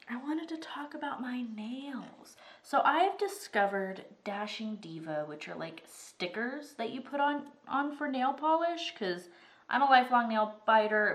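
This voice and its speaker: A woman's voice: on the high side, animated, unhurried. A woman in her thirties, recovering from strep throat and breathing a little heavily, chatting and rambling casually while she works on a craft at her table. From Arizona, US. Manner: chatty, rambling, says "like" often. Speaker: vlogger.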